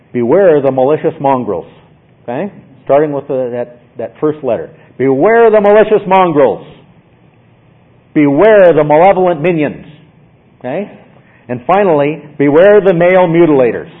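Male Bible teacher, emphatic, husky, tinny line. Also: mid-range voice. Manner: emphatic, asks "okay?" often. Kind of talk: Bible study lecture. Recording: tinny phone-like sound.

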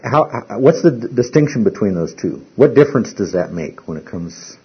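A man with a low, husky voice leads a Bible study. He pauses often, stumbles over words and turns questions back to his class. The sound is muffled and lo-fi. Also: lively intonation. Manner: halting, repeats words, asks the class questions. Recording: muffled lo-fi recording.

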